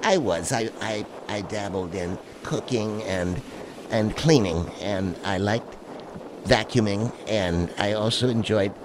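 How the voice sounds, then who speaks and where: Man doing a bashful woman cook, deep drawl, very slow, noisy background. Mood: timid. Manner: halting, timid.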